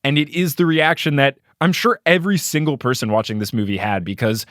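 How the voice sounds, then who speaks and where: A man hosting a podcast, recapping a story in a casual, animated way and reading quotes with playful emphasis. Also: mid-range voice, a little fast, no room sound, studio quality. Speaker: podcast host.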